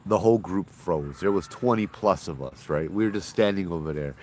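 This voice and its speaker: A man tells a ghost story in a deep, low voice, animated and full of local slang. He talks like a tour guide, casual and dramatic. Faint background noise sits under the recording. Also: fairly quick. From Hawaii.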